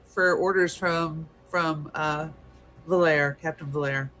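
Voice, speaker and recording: A man describing his character's actions in a tabletop game, hesitant and halting. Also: a little high, fairly even intonation, pushed and bright. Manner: hesitant, halting speech with many fillers. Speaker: player. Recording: light background music.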